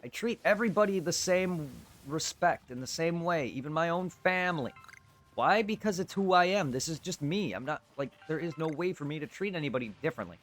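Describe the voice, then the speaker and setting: A man's voice: a little high, animated, a little fast, fairly bright tone, faint music behind. A male streamer talking to his live chat, frustrated and venting.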